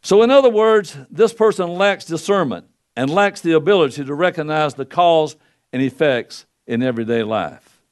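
A man's voice: animated, moderate pace. Older man preaching folksy sermon. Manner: folksy preaching with wide swings in pitch and loudness. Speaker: pastor. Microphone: microphone at a pulpit.

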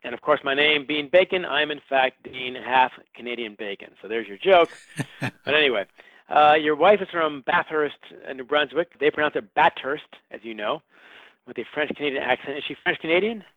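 Speaking briskly in a fairly high voice, a male author guest answers interview questions, recounting history wryly like a storyteller. The line sounds phone-like, with no room sound.

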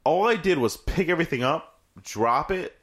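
A man's voice: fairly high pitch, lively intonation, moderate pace, a bit bright. A man co-hosting a podcast, chatting casually and swearing, acting out lines in silly voices. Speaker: podcast co-host. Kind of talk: casual chat about a video game.

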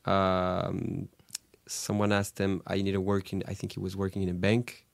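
A man with a somewhat low voice and a gravelly edge talks as a guest in an interview. He stops and restarts often while he searches for his words. The sound is dry and close. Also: monotone, normal speed, no echo. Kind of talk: conversational interview.

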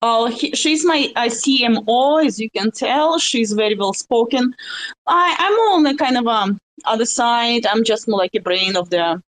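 A woman playing a shady startup founder with a put-on Russian accent, rambling and halting through an overblown pitch. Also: close to an everyday voice, rough recording. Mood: smug. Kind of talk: improvised comedy role-play in a live audio chat.

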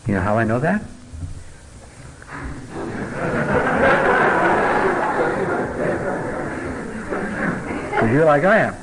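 A man's voice: fairly high pitch, very animated, very slow, long pauses, a bit bright, slight background noise, poor audio. A middle-aged man teaching a Bible passage in a folksy, conversational way, with joking asides and filler words.

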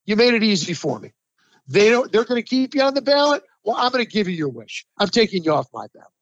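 A man from the New York area co-hosts a sports talk show, ranting hard and swearing freely. His voice sits high for a man. The recording is dry and a little muffled. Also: very animated, fast talker, no room sound. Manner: ranting, profane, emphatic, heated. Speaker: sports talk podcast co-host. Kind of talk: heated sports talk chat.

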